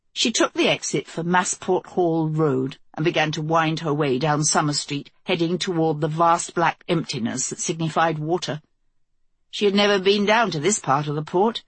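A woman narrating a novel as an audiobook in a steady, measured storytelling voice, recorded close to the mic. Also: low voice, husky, dry recording. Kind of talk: scripted narration.

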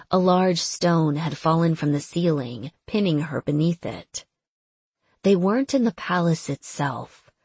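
Woman narrator for an audiobook; measured and steady, low-pitched, dry close sound. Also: husky, dry recording. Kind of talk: scripted narration.

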